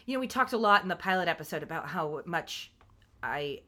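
A woman co-hosting a casual TV recap podcast, talking animatedly, swearing and acting out scenes in quick quoted asides. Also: on the low side, animated, bright, forceful tone. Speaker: podcast co-host.

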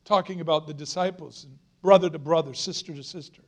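A man's voice: fairly high pitch, steady tone, fast talker, few pauses, darkish tone. A middle-aged man preaching a sermon as a guest preacher, earnest and emphatic, repeating phrases for stress.

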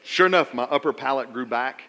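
Bright-voiced man preaching a sermon. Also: mid-range voice, fairly quick. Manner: storytelling, stammers on restarts, builds to loud emphatic preaching. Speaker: pastor.

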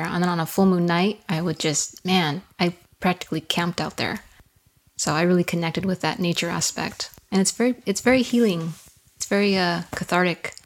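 A young woman appears as a podcast guest and shares a personal story earnestly and candidly. She often repeats her words, and her voice sits on the lower side.

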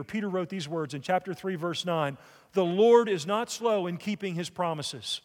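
A man's voice: high-pitched, long reverb tail. A man preaching a sermon in church, asking the congregation rhetorical questions. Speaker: pastor.

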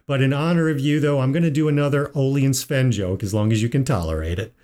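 A man hosting a financial talk show, telling a joke slowly in a folksy way. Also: mid-range voice, darkish tone, slight background noise. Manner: unhurried, folksy storyteller. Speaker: financial advisor and show host. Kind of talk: casual radio talk with told jokes.

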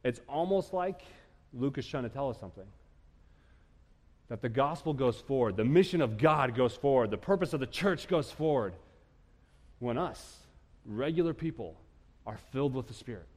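A man preaching a sermon with emphatic delivery, moving between loud declarations and quiet, hushed lines. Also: mid-range voice, animated, moderate pace, pauses often. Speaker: pastor. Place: church sanctuary. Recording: church hall with long reverb.

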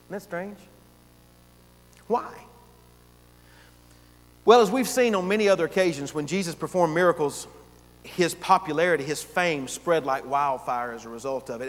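A man preaching a sermon as pastor, emphatic, with dramatic pauses and big swings between loud and soft. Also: sits high, big-room sound.

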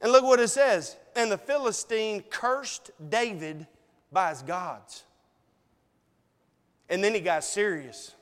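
A man preaches slowly and deliberately, his voice sitting high and sounding smooth and clear. His delivery is folksy and conversational, broken by dramatic pauses, and his words ring with a long reverb through the hall. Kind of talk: sermon. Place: church sanctuary.

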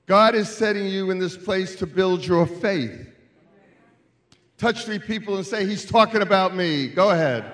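A man preaching as a guest speaker at a church celebration, moving from quiet storytelling to loud calls to the congregation. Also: sits high, measured pace. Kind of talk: sermon.

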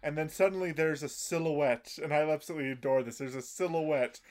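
A man in casual chat retelling an anime episode, halting and repeating words as he explains. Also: a little high, darkish tone.

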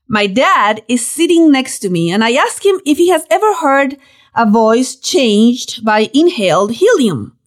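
A woman reading a personal story aloud, with lively storytelling and playful emphasis. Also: sits high. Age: young adult. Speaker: narrator.

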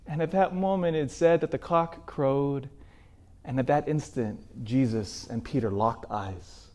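A man preaching a sermon in an animated way, asking his listeners rhetorical questions. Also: mid-range voice, measured pace.

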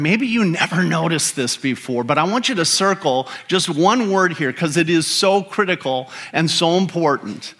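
A man's voice: fairly high pitch, lively intonation, moderate pace, hardly any pauses, a bit bright. A man preaching a sermon as pastor, emphatic and asking the congregation rhetorical questions.

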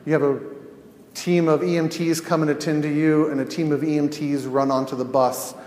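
A man's voice: on the high side, flat delivery, fairly quick, darkish tone. A male counselor teaching in a conversational way, telling scenarios and asking rhetorical questions. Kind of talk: teaching podcast talk. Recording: echoey room with long reverb.

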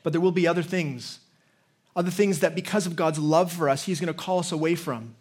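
A middle-aged male pastor preaching with earnest conviction, his voice sitting a little high for a man. He repeats and restarts words as he presses his point. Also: fairly quick. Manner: earnest preaching with frequent restarts, dropping to a quiet storytelling voice. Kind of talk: sermon.

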